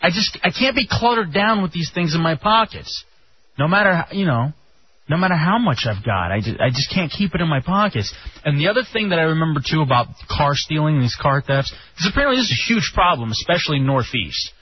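A young man from Texas hosting a radio show, telling stories in an animated way with casual swearing. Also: on the high side, fairly quick, slightly rough. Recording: dull lo-fi radio sound.

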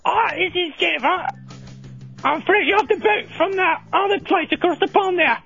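Brief: very high, coarse British pub woman in her forties, rambling and bawdy, played by a man in falsetto. Dull lo-fi radio sound. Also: normal speed, creaky, sharp tone, soft background music, full character voice. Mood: flirty. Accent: put-on British. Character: crude middle-aged British woman, pub-goer. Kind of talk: comedic phone-in role-play.

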